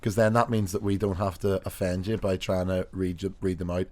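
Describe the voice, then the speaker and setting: Low-pitched male podcast host, jokey and relaxed in casual chat. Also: fairly quick. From England. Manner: laughing, joking, tries comic accents.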